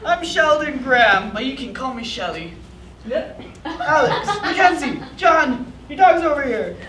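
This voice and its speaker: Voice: high voice, very animated, unhurried, crowd noise. A performer acting a courtly, doting old grandfather in a staged reading of a play. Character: genteel old man with pickleball paddle. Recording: echoey room, distant mic, noise.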